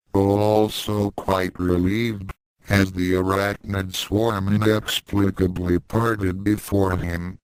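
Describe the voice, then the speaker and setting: Deep slow guy reading a story, calm and even, very dry sound. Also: smooth, dry recording, rough recording. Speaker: fan fiction reader. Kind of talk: story narration.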